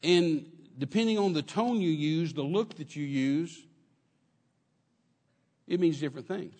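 Animated preaching man, echoing church. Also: fairly high pitch, a little slow. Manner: animated preaching, acts out quotes, drops to a soft murmur. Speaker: pastor. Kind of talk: sermon.

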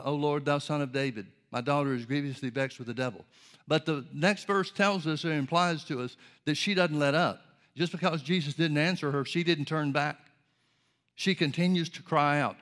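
Male preacher, somewhat high-pitched, measured teaching sermon with scripture reading. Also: fairly bright tone. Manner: measured, explanatory, reads King James verses aloud.

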